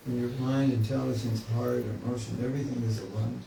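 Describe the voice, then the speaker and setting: With a quick pace and a level, gravelly medium-pitched voice, a man runs an informal spiritual class, joking and impersonating inner voices. Room echo and faint hiss accompany a mic placed far from him.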